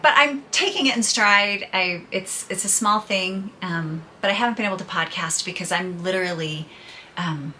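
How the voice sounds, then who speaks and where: A woman's voice: mid-range voice, normal speed, bright, forceful tone, a little hiss or hum. A middle-aged woman vlogging to her viewers, telling her personal troubles in a candid, chatty way and laughing through them. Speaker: podcaster and vlogger. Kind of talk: casual personal storytelling to viewers.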